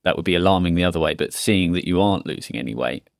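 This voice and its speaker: A man's voice: sits low, racing, no room sound, clean studio sound. A man hosting a podcast, talking in a casual, empathetic way and often affirming his guest. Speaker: podcast host. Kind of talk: casual interview chat.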